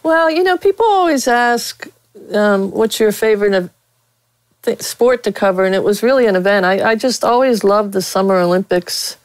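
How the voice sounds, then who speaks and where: A veteran sportswriter from Pittsburgh tells blunt stories during a casual interview, full of fillers and laughter. Her mid-range voice is animated and smooth at a normal speed. The recording is dry and of poor quality.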